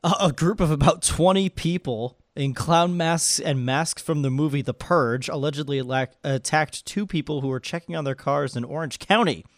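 A man's voice: on the high side, moderate pace, few pauses, no echo, studio quality. A man co-hosting a podcast in casual comedic chat, joking around with lots of energy. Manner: jokey, animated, does silly sound effects. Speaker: podcast co-host.

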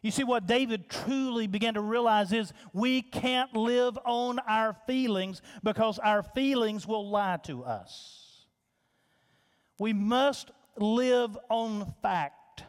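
A man with a notably high voice preaches a sermon at a slow, deliberate pace. He leans on repetition and stammering restarts as he pleads with his listeners. The sound carries a long reverb from a church sanctuary. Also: clear, resonant tone. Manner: impassioned, repeats phrases, stammering restarts. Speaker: pastor.

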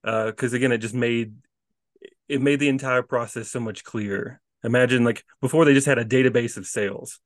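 A man co-hosting a casual podcast, spinning an animated story with plenty of restarts and little laughs. His voice sits at a middling pitch. The recording is close and dry, with no room sound around it. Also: brisk, no echo. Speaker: podcast co-host.

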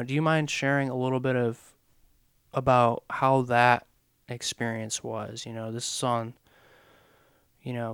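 A man telling his own story candidly, hesitant and reflective, often pausing on fillers. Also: mid-range voice, fairly bright tone, clean tone, no echo, studio quality. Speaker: podcast co-host, father sharing his story.

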